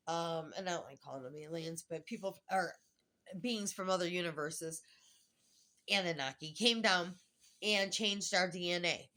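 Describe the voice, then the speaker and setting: A woman's voice: fairly low pitch, a bit bright. A middle-aged woman vlogging a rambling personal monologue, chatty, laughing often and trailing off mid-thought.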